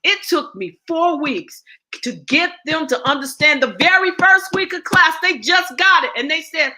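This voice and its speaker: A woman's voice: very high-pitched, animated, moderate pace, bright, forceful tone. A woman speaking as a guest and ritual teacher, blunt and profane, preaching with rhetorical questions. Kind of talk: impassioned spoken address.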